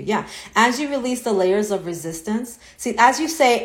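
This spiritual coach, a woman, responds to viewer comments on a casual live stream in an earnest, repetitive way, becoming animated as she voices inner doubts. She speaks at a fairly high pitch and moderate pace, with few pauses.

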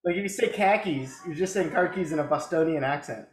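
A man's voice: a little high, a little fast, slight background noise. A young man co-hosting a podcast over a video call, chatting casually and laughing often. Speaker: podcast co-host. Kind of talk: casual chat. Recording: echoey room.

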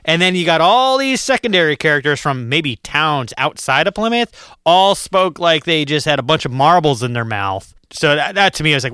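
A man from Massachusetts co-hosting a podcast, chatting casually in quick, animated rants with some swearing. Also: fairly high pitch, clean tone, dry recording, studio quality. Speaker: podcast co-host.

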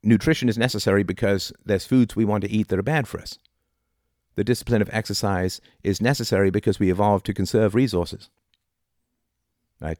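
A middle-aged man with a low, deep voice lectures on philosophy in an argumentative, rhetorical way, constantly checking in with "right?". The sound is close and dry, with no room echo. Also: darkish tone. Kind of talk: informal philosophy talk.

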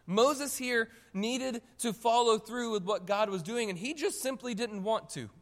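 A man preaching a sermon, animated and emphatic, talking straight to his congregation. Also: extremely high pitch, unhurried. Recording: long reverb of a hall.

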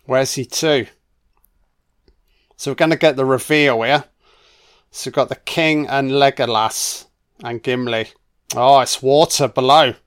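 Excitable, foul-mouthed man yelling at the screen, unhurried, smooth clear tone. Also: mid-range voice. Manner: excitable, swears a lot, talks to the screen. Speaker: film commentator. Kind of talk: casual film commentary. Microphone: home microphone, audio only.

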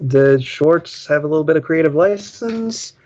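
Wry, rambling man, slightly high voice. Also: lively intonation, normal speed, warm tone, muffled recording. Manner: rambling, wry, joking asides. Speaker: podcast co-host reading a children's book. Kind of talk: casual podcast chat, reading aloud and commenting.

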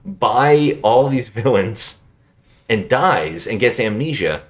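A man's voice: medium pitch, expressive, slow pace. A man co-hosting a podcast, recapping a bad movie in casual, jokey chat with plenty of swearing. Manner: swearing, jokey, acts out scenes in silly voices. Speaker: podcast co-host.

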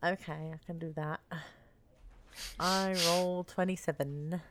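A woman's voice: lowish voice, steady tone, slow, background noise. A woman playing in a tabletop game, speaking in a thoughtful, casual way. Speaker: player.

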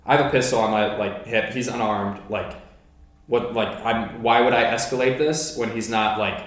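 A man's voice: on the low side, normal speed. Casual swearing young man, echoey room. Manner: casual, swears a lot, lots of "like" fillers. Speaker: podcast host. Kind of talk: casual podcast storytelling.

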